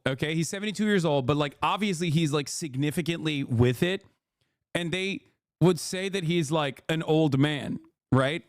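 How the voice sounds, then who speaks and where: A man's voice: on the high side, no echo, clean studio sound. A man, streaming and riffing in a rambling, profane, joking way over clips. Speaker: streamer host. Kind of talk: live-stream reaction commentary.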